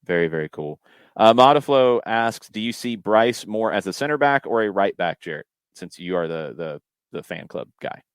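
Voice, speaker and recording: A man's voice: lowish voice, animated, moderate pace, clear, resonant tone, dry recording. A man hosting a casual soccer podcast, reading out listener questions and thinking aloud with frequent restarts and fillers. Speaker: podcast host.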